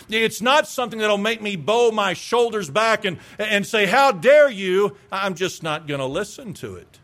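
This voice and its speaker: Middle-aged male pastor, high-pitched, emphatic sermon delivery that acts out quoted replies. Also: sharp tone.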